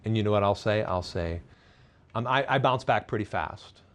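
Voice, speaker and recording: A man presenting a parenting and faith talk to a live studio audience. He is candid and self-deprecating with light humor, and his delivery swings between loud, high emphasis and soft, low asides. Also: normal speed.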